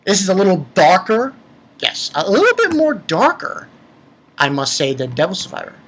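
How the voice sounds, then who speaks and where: A man's voice: sits high, wildly swooping pitch, normal speed, a bit bright, slight background noise. A man giving a casual spoken review of an episode. He rambles, swears freely and often restarts his sentences. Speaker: anime reviewer.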